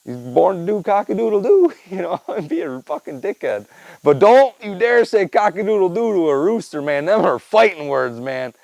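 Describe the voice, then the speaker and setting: Pitched high and expressive, the host's creaky, somewhat mellow voice moves at a moderate pace. He chats on his podcast in a loose, rambling, foul-mouthed way, adding "man" and "dude" as he tells stories. There's no echo, though the recording is rough.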